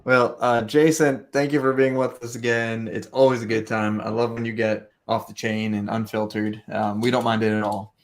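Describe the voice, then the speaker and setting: A man's voice: lowish voice, flat delivery, normal speed, hardly any pauses. A man hosting a casual podcast, easygoing and a bit hesitant, with plenty of ums. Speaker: podcast host.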